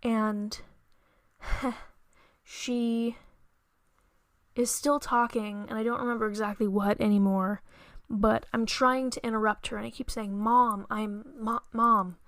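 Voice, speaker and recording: A young woman hosting a podcast, telling a frightening dream in an earnest, halting way with many restarts. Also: on the high side, fairly even intonation, dry recording. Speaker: podcast host. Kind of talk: storytelling monologue.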